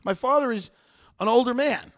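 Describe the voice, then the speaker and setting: A man's voice: very high voice, moderate pace, fairly bright tone. A man in his thirties hosting a podcast, telling a comic story in a brash, profane way. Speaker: podcast host.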